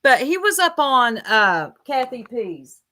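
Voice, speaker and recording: A woman talks over a clip she is reacting to. Her voice sits a little high, and her asides are sarcastic and mocking as she speaks to her viewers. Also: big pitch swings, slow, pushed and bright. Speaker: commentary streamer.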